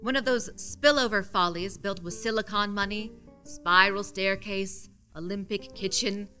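A woman's voice: medium pitch, steady tone, unhurried, sharp tone, faint music behind. A woman reading a first-person story aloud in a wry, dry, matter-of-fact way.

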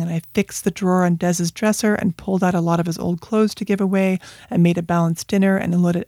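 An adult from Colorado reads personal journal entries aloud in a quiet, measured voice of medium pitch, sometimes slipping into a whisper. It's a dry, close-mic recording with faint music.

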